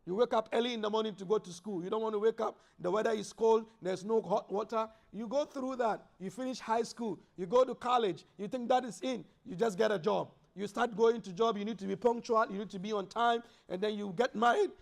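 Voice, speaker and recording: High-voiced man preaching in a mosque. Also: fairly quick, vocal fry, hardly any pauses. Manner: preaches with rising emphasis and quoted Arabic verses. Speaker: imam. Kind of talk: sermon.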